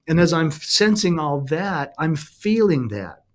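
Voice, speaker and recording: A middle-aged man recounting a deeply personal experience in an earnest, halting way, often restarting and slowing down. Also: animated. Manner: earnest, halting, with many restarts and slow pauses. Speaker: guest sharing a personal story. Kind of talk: emotional personal testimony.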